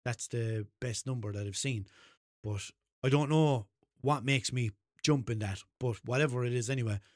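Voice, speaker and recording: A man's voice: mid-range voice, moderate pace, dry recording, clean studio sound. A man with a Limerick Irish accent hosting a solo podcast, rambling casually, swearing freely and laughing at himself. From Limerick, Ireland. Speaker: podcast host.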